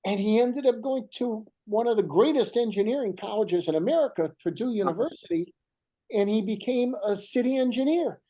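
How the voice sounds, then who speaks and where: Older man telling emotional stories, mellow tone, swoops up and down a lot. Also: sits high, low-quality recording. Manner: animated and emotional, slows down for emphasis. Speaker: guest writer. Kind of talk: heartfelt storytelling.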